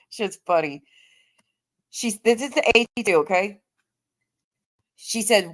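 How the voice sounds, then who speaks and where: A woman's voice: mid-range voice, extremely slow, pauses often. A woman in her forties chatting casually on her livestream, reading viewer comments aloud and talking back to them. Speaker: livestream host.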